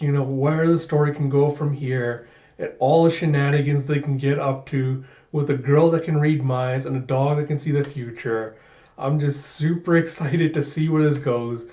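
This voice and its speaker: A man's voice: on the high side, mellow, reverberant, muffled recording. A man casually retelling and reviewing a comic chapter, enthusiastic and laughing often. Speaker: manga reviewer.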